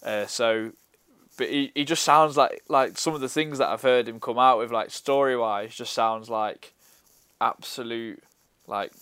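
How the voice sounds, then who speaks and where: Smooth-voiced young man, dry sound. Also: mid-range voice, unhurried, no room sound. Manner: relaxed, chatty, laughs often. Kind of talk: casual chat.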